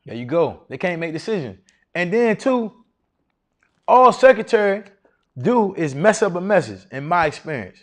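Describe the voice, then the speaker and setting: A man's voice: sits high, very animated, normal speed. A man teaching a live seminar to an audience in a room, casual and confident, often asking the crowd rhetorical questions. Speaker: seminar speaker teaching contracting.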